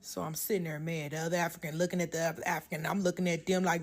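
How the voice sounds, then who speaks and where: A woman who works as a hairstylist, telling a salon story in a blunt, profane, animated way. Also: sits low, very fast. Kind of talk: casual storytime.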